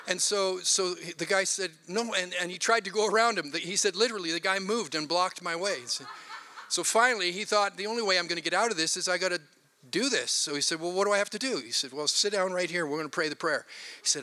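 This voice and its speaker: A man's voice: high voice, a little fast, pushed and bright. A man preaching a sermon, animatedly retelling a story with quoted voices. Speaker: pastor.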